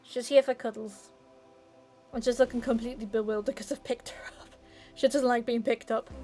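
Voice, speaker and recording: Woman streamer, fairly high voice, loose and sweary chat, faint music behind. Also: fairly even intonation, a little fast, mellow. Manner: rambling and profane, with many fillers. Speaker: livestreamer.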